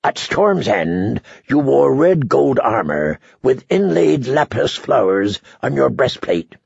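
A man voicing a weary, grim knight who speaks tersely and gravely. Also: mid-range voice, very animated, slow pace, darkish tone, no echo, dull audio, full character voice. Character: weary, grim middle-aged male knight.

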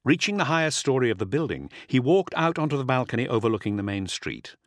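A man narrating an audiobook with a dramatic, expressive reading. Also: medium pitch, quick pace, no echo, clean studio sound. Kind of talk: scripted narration.

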